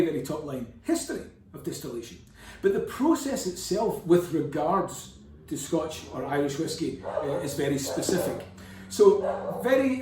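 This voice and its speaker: A man's voice: on the high side, dark tone, a little hiss or hum. A man giving a casual, chatty lesson, digressive with playful asides. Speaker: whisky educator. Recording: roomy, distant from the mic.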